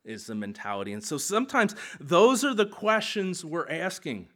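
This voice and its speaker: A man in his thirties, a pastor preaching a sermon in an animated, conversational way. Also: on the high side, normal speed, few pauses.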